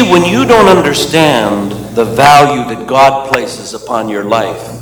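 A man, a comedian and Christian speaker, telling a story to an audience, shifting between hushed and emphatic moments. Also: fairly high pitch. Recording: echoey hall audio played from a video clip.

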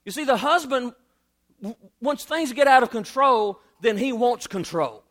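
A male pastor preaching a sermon, animated and repeating phrases for emphasis. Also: extremely high pitch, a little slow.

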